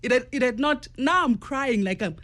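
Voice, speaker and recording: Speaking as a studio guest, this South African para-athlete and journalist paints a vivid picture of a personal experience, repeating the lines other people said. Her high voice is expressive and fairly bright, delivered at normal speed.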